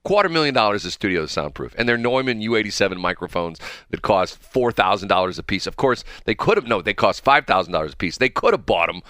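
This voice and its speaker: A man's voice: fairly low pitch, big pitch swings, fast talker, hardly any pauses, fairly bright tone, dry recording, studio quality. A man co-hosting a talk show, ranting and joking in casual banter and laughing often. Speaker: podcast co-host.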